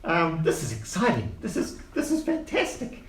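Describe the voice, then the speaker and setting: A man voicing an excitable, wizened old male gnome in a tabletop game, with a high, fluttery, eager manner. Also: moderate pace. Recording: roomy, distant mic with noise.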